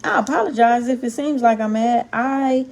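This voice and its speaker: A woman's voice: a little high, normal speed, vocal fry, a little mellow. A woman from Compton, giving a casual, impassioned Bible talk to camera and stressing and stretching her words for emphasis. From Compton, California. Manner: punchy exclamations, street slang. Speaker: Bible teacher vlogger.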